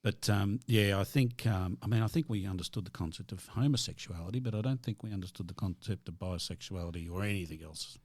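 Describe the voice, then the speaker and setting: Low-voiced man, quipping. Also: quick pace, few pauses, a little mellow, dry recording. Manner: quips, feeds questions. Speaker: radio co-host. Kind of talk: casual chat.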